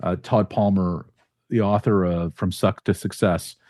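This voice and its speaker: Low mellow-voiced male podcast host. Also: fairly even intonation, measured pace, no echo, studio quality. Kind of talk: conversational interview, then scripted reflective outro.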